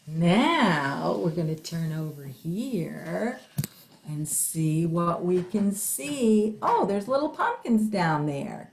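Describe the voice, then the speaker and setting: A woman's voice: mid-range voice, a little hiss or hum. A woman hosting a children's story time, talking to young kids in a cheerful, coaxing, sing-song way. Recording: roomy echo.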